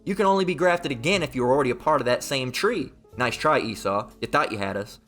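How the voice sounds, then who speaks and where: A man's voice: medium pitch, fast talker, a bit bright, faint music behind. A man giving a heated Bible commentary, mocking, profane and repetitive as he reads and rants. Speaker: Bible teacher.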